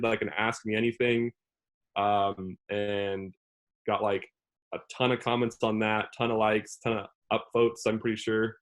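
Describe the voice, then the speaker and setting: Young man, lowish voice, rambling casually. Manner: rambling, heavy use of "like" as filler. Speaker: relief pitcher, interview guest. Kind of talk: casual interview talk.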